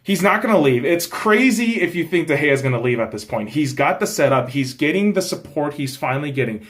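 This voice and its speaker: A man's voice: on the high side, brisk. Young man hosting a casual football season review, ranting with lots of swearing. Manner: profane, animated ranting. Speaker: host.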